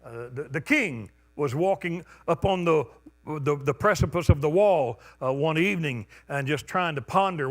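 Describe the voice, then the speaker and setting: A male pastor preaching a conversational sermon, stumbling over restarts and bursting into loud call-outs. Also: on the high side, moderate pace. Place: church sanctuary.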